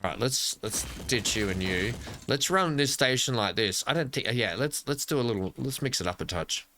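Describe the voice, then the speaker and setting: Bright-voiced Australian man rambling through gameplay. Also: mid-range voice, expressive, normal speed, a little hiss or hum. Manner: rambling, playful, talks to himself. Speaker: gaming channel host. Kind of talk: casual gameplay commentary.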